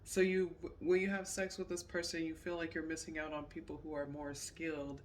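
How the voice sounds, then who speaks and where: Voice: mid-range voice, level tone, a little fast, far from the mic, slight background noise. A tarot reader giving a casual pick-a-card reading, emphatic and repetitive. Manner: repetitive, emphatic, says "period" often.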